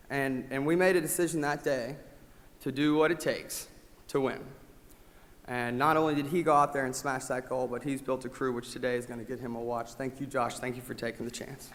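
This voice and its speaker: A man giving a motivational award speech at a company rally, his delivery swinging from loud rallying calls to quiet thanks. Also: medium pitch, fairly even intonation, brisk. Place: large event hall. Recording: long hall reverb.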